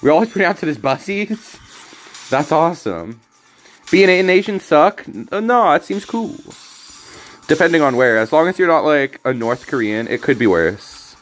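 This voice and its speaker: A man's voice: on the high side, big pitch swings, normal speed, soft background music. A young American man casually commenting on his card game while reading and answering chat, joking and chatty. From American South. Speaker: streamer.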